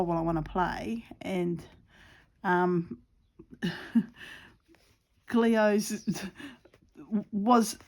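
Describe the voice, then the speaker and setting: A middle-aged woman chatting casually in a vlog, rambling and animated, acting out her pets and the birds. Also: medium pitch. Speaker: crafting vlogger.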